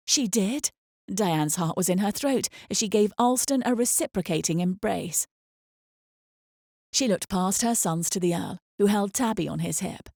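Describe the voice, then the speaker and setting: A woman narrating an audiobook in a measured, expressive storytelling manner, close to the mic. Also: fairly low pitch, no echo.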